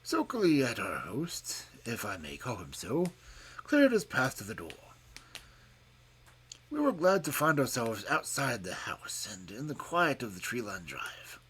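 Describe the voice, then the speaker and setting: A man narrating a detective story, expressive and dropping to a hush at tense moments. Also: medium pitch, a little slow, husky.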